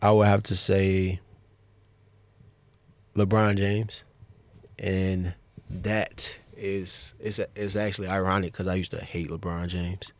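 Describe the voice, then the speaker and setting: A man guest on a sports podcast, chatting casually in a laid-back way, often pausing with fillers as he thinks. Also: deep voice, flat delivery. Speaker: basketball player guest.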